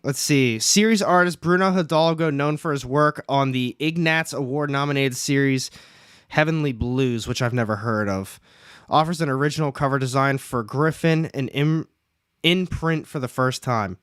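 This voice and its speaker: A man's voice: medium pitch, normal speed, fairly bright tone, smooth, no room sound, clean studio sound. A young man hosting a casual comics livestream, chatting, reading out the chat and joking at his own expense. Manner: chatty, reads chat aloud, jokes at himself.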